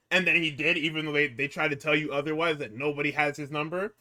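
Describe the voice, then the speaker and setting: A man's voice: a little high, fairly quick, few pauses. A man co-hosting a podcast, telling a story in casual, profane chat and acting out what others said. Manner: animated, profane storytelling, acting out quotes, frequent laughter. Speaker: podcast co-host recapping wrestling.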